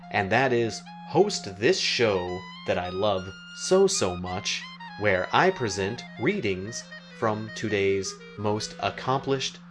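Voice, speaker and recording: A man hosting a mock public radio show, slow and put-upon with a forced cheerfulness. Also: fairly low pitch. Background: guitar music.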